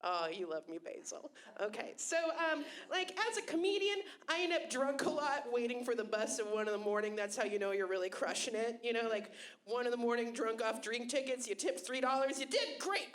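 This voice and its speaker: This high-pitched young woman does a stand-up set at a comedy club, holding the mic in her hand. She mocks herself in a flat, deadpan way, then abruptly gets loud.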